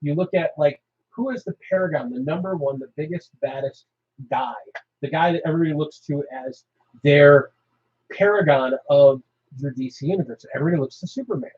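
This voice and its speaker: Fast-talking husky man. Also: fairly high pitch. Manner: argumentative, asks leading questions. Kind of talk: casual roundtable chat. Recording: dull lo-fi recording.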